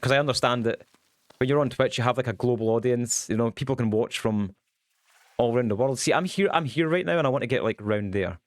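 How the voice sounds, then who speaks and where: A young man chatting casually while streaming a game, goofy and quick, with lots of ums. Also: medium pitch, no echo. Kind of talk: casual livestream chat while gaming.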